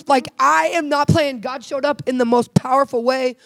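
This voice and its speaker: Earnest high-voiced woman giving a testimony. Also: fairly even intonation, normal speed, no echo. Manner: earnest and heartfelt, many "like" fillers. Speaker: guest sharing a faith testimony. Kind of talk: personal testimony in conversation.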